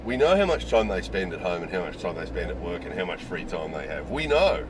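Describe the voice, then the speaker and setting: A middle-aged Australian man speaks casually and candidly to camera as a video host sharing his opinions, rambling and dropping plenty of "you know"s. His voice is low, very animated and a little fast, with noise in the background.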